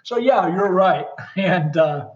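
Man, high voice, frank, self-critical, conversational, muffled lo-fi recording. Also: lively intonation, slow. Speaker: interview guest, former lawyer. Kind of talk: candid conversational storytelling. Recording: dull lo-fi sound.

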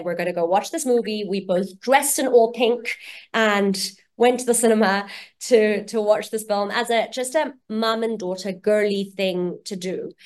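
Thoughtful woman guest, pausing with fillers. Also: mid-range voice. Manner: thoughtful, hesitant, many fillers. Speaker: podcast guest, early childhood educator. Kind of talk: conversational podcast interview.

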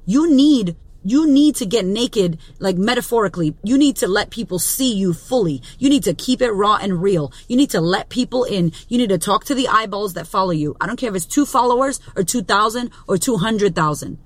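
A woman in her thirties talks straight into a close podcast mic, and the dry sound carries no room around her voice. She coaches hard and swears freely, hammering each point with a middling, steady pitch. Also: brisk, hardly any pauses, no echo. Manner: blunt, profane, emphatic. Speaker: business coach and podcast host. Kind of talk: motivational monologue. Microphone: studio podcast mic.

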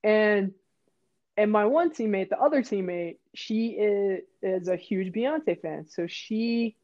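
A woman's voice: slow, highs cut off. A woman telling a story in casual chat, acting out what people said with big jumps in her voice. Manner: animated, acts out quotes with jumps in pitch. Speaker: guest.

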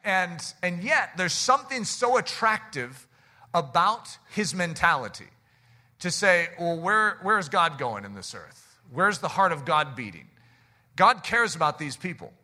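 Male pastor, sermon, high voice, very bright and forceful, animated preaching. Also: a little slow. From United States. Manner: animated preaching, drops low and quiet for acted quotes.

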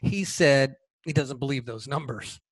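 A man hosting his own podcast, talking casually in a sarcastic, animated way with mocking asides. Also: mid-range voice, a little slow, no echo. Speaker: podcast host. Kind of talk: casual opinion podcast monologue.

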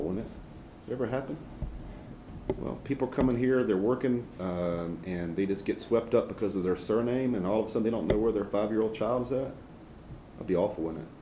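A man's voice: on the low side, mellow, roomy sound, a little hiss or hum, low-quality recording. A man with a Southern US accent, a labor organizer answering audience questions in a folksy, conversational way with many fillers and restarts. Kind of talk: casual public Q&A talk.

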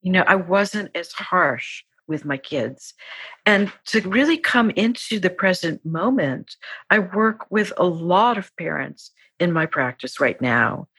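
A woman's voice: lowish voice, expressive, measured pace, husky, no room sound. A middle-aged woman, a psychologist and author, talking earnestly as a podcast guest. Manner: warm, earnest, acts out quoted voices. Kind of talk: podcast interview.

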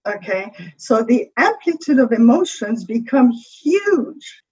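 A woman's voice: on the high side, very animated, slow pace, a little mellow, breathy edge, muffled recording. A woman with a French accent, a creativity coach, explaining ideas in a conversational interview and often checking in with "right?".

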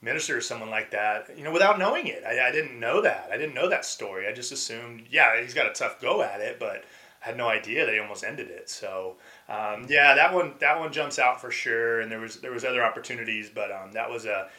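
A middle-aged man tells personal stories as a podcast guest. He is animated, acts out quotes and restarts often. His voice is very bright and forceful. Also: medium pitch, brisk. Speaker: podcast guest, former pro baseball player. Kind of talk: casual storytelling interview.

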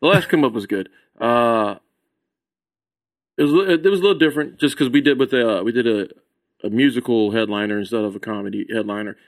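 A man's voice: medium pitch, brisk. A man guesting on a podcast as a comedian, chatting casually with a joking, profane, laid-back manner. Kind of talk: casual chat.

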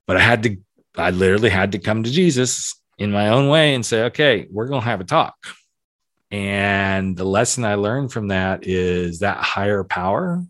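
A candid man in his late fifties from the American South, his accent showing now and then as he muses on his podcast. His voice sits a little low and is recorded dry and close, with no room around it. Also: a bit bright, dry recording. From southern United States. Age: 50s. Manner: candid, conversational, emphatic repetitions. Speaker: podcast host. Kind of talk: reflective podcast monologue.

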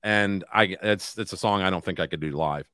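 A man's voice: deep voice, normal speed, pushed and bright, no echo, studio quality. A man co-hosting a casual podcast, joking crudely and singing his own parody lyrics. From Alabama. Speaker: podcast co-host. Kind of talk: casual chat and song parodies.

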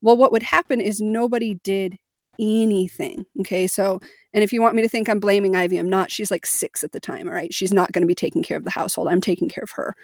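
A woman's voice: medium pitch, fairly even intonation, fast talker, a little mellow, no echo. A young adult woman from Missouri co-hosting a podcast, telling a personal story candidly and emphatically, with laughs and fillers. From Missouri, United States. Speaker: podcast co-host.

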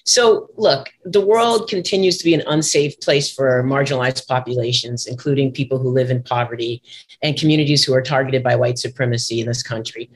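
A woman's voice: a bass voice, brisk. Woman interviewer: affirming, encouraging, firm on her points. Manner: supportive, affirming, wraps up with a firm takeaway. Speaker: podcast host, interviewer. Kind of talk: conversational interview.

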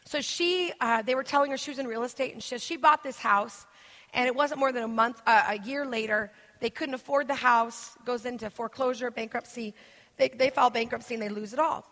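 A woman's voice: fairly high pitch, a little fast, fairly bright tone. A woman from the United States giving an interactive sermon as a guest minister. She tells stories in a chatty, rambling way, full of fillers. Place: church hall. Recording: long church hall reverb.

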